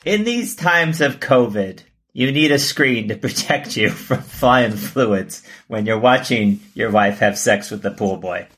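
Animated, bright-voiced man podcaster. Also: a little slow, hardly any pauses. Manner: animated, laughing, jumps into high exaggerated pitch for jokes. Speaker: podcast co-host. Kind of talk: casual comedic chat.

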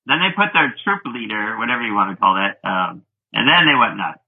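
A man's voice: lowish voice, lively intonation, brisk, creaky, husky. A man co-hosting a casual movie-review chat and adding wry, dry asides. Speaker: podcast co-host. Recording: phone-like line.

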